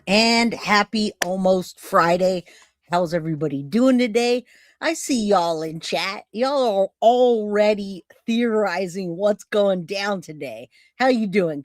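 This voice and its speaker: Lady doing a live stream, rambling and saying hi to chat, normal pitch, dry room. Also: dry recording. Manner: chatty, rambling, greets viewers by name. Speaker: livestream host. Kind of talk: casual live chat with viewers.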